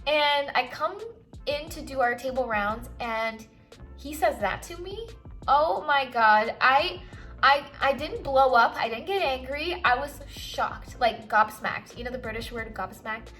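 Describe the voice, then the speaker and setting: Young woman, casual makeup chat, fairly high voice, frank, music underneath. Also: a bit bright. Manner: chatty, frank, peppered with "like". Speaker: doctor and vlogger. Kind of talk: casual get-ready-with-me chat.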